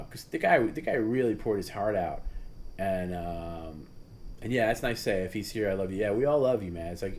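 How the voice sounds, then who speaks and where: A man hosting a casual livestream chat, rambling and halting with many restarts and fillers, and he laughs at his own story. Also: a little hiss or hum. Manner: voice jumps high and loud when mimicking others. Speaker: host.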